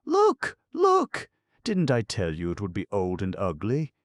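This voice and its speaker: A man doing a brisk young goat girl. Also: low-pitched, dry recording, clean studio sound, pitched above the performer's own voice. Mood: excited. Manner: brisk, excitable and bossy. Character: brave young goat girl with seven hands.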